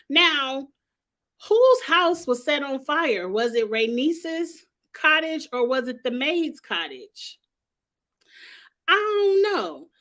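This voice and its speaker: A woman's voice: fairly high pitch, a bit bright. A woman giving a casual, sassy TV review, talking bluntly and straight to the characters in slangy speech. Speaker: TV show reviewer. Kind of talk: casual commentary.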